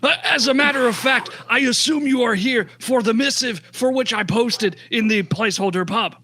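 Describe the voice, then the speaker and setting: A burly half-orc shopkeeper who talks in stiff, carefully proper sentences, as a game master puts him on. The voice sits a little higher than expected and rings bright and clear. He keeps a polite, stilted formality in a tabletop role-play scene. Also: moderate pace, a little hiss or hum, full character voice. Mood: formal, prim. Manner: oddly well-spoken, stilted and formal.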